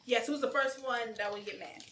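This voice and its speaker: A woman in her thirties telling stories in a casual chat, animated and acting out quotes. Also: fairly high pitch, moderate pace, a little hiss or hum. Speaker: guest.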